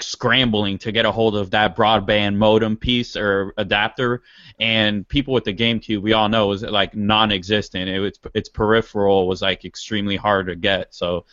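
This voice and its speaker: An enthusiastic man joins a casual podcast chat. His voice sits low, and the recording is dry with a muffled edge. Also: fairly bright tone, no echo. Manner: eager, enthusiastic. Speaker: podcast panelist. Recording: dull lo-fi sound.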